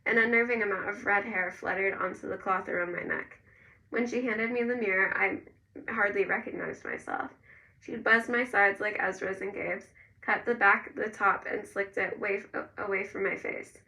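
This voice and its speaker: A woman narrating a first-person novel in a gentle storytelling manner. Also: mid-range voice, steady tone, moderate pace, far from the mic, low-quality recording. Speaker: audiobook narrator.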